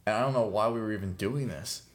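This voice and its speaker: Fast and on the low side, a young man's voice fills a casual podcast chat where he co-hosts, rambling with plenty of fillers and frequent laughter.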